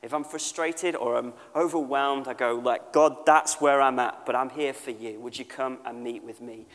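A man giving a sermon at a church service, talking in an earnest, conversational way and slowing down to stress key points. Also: mid-range voice, steady tone, in a large hall. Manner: conversational and earnest, slows down for emphasis. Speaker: church speaker. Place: church service with a live band.

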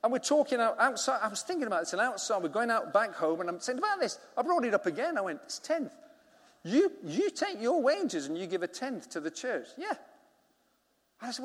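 A man's voice: extremely high pitch, sing-song, fairly quick, a bit bright. A middle-aged man, preaching a sermon as a vicar and telling a story with acted-out dialogue. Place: church hall. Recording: long reverb of a church hall.

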